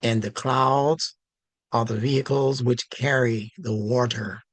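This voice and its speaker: Slow, deliberate male instructor. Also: medium pitch, steady tone, no room sound. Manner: slow, deliberate, emphatic teaching. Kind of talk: religious language lesson.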